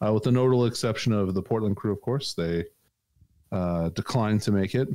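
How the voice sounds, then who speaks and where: Male podcast co-host, low voice, loose rambling delivery full of ums, laughs easily. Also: brisk, mellow. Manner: rambling, laughs often, many fillers. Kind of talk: casual chat.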